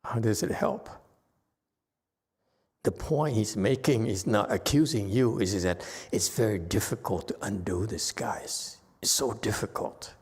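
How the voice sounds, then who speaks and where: Man, Buddhist teacher, dharma lecture, very slow unhurried delivery, joking and self-mocking, conversational, temple hall. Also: fairly low pitch, darkish tone, breathy edge.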